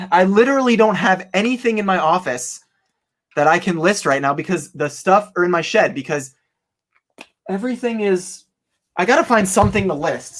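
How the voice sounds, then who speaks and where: A young man, an online reseller, chatting casually and excitably to his live-stream viewers, laughing often and talking straight to them. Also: sits high. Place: home office.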